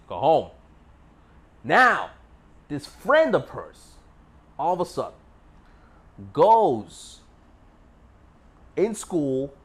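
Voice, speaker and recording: Young male vlogger, brash storyteller, swings his pitch widely, slightly high voice. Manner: boastful, swearing, rambling with many fillers. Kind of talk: casual storytelling.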